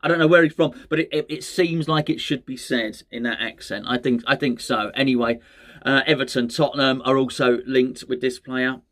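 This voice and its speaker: A man's voice: medium pitch, steady tone, moderate pace, a bit bright. A man hosting a fan channel, chatting casually on his own about transfer rumours, with rambling, self-mocking asides and plenty of restarts. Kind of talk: casual solo football chat.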